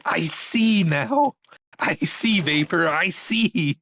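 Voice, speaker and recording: A man's voice: high-pitched, animated, slow, vocal fry, sharp tone, slight background noise. A man chatting with a streamer, giggling often and talking in a drawl. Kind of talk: casual gaming chat.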